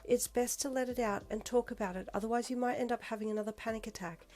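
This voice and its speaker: A woman voicing a gentle, caring young heroine in a fan fiction reading, speaking high and sweet to coax and reassure. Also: fairly even intonation, unhurried. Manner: soothing, encouraging, high and sweet.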